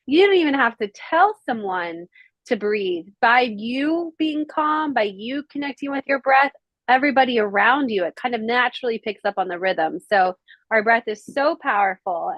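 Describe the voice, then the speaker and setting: Female mindfulness coach on a video call. Slightly high voice, very slow and soothing, counts breaths. Dull, dry audio. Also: fairly bright tone, no room sound. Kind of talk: guided breathing exercise.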